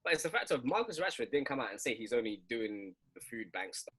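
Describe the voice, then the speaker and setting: A man's voice: medium pitch, fast, breathy edge. A man talking emphatically in a casual podcast chat with friends. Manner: emphatic, lively ranting. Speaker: podcast co-host.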